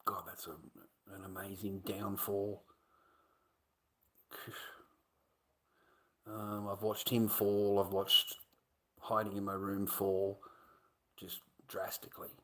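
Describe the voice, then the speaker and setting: A man's voice: lowish voice, monotone, slow pace, long pauses, pushed and bright, poor audio. A man with an Australian accent, rambling on a live stream in a coarse, slangy, combative way, often trailing off into mumbles. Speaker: livestreamer.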